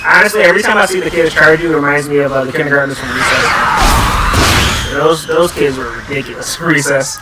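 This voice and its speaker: A man's voice: fairly high pitch, brisk, over loud music. A man co-hosting a let's play, chatting in a laid-back way. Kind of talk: casual gaming chat. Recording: loud background noise.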